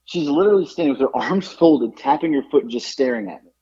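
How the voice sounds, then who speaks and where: A man's voice: medium pitch, fast talker, breathy edge, muffled recording. A man co-hosting a podcast, telling a story in casual chat and acting out the people in it. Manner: animated, acts out the people in his story. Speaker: podcast co-host.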